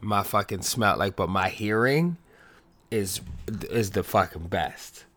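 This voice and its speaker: A young man hosting his own podcast in casual chat, rambling and swearing a lot, loud and unable to whisper. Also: on the low side, slow. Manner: loose, swears a lot, rambling with many restarts. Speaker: podcast host.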